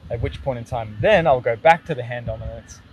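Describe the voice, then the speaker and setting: Man hosting a relaxed live-stream chat, voice set in the middle range, explains things step by step and jokes around. Steady background noise can be heard under his talk. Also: medium pitch, fairly quick, dull audio. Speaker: archery coach and host.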